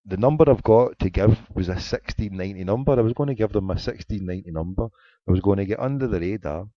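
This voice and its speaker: A man's voice: fairly low pitch, fast, no echo. A man hosting a casual live internet radio show, joking in mock indignation while reading a chat. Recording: dry, dull lo-fi internet radio sound.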